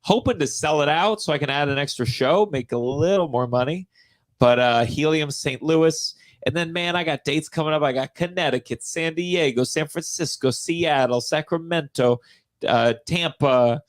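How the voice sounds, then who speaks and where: Guest comic, male, slightly high voice, story-driven chatter. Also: moderate pace. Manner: storytelling, animated anecdotes. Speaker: guest comedian. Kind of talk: casual comedy chat.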